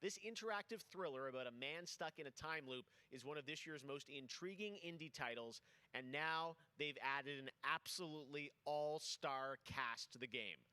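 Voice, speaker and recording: A man's voice: fairly high pitch, moderate pace, bright, forceful tone, clean tone. A man hosting a games showcase, announcing the next segments in an upbeat, promotional way. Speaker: show host. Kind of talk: announcer-style show presentation.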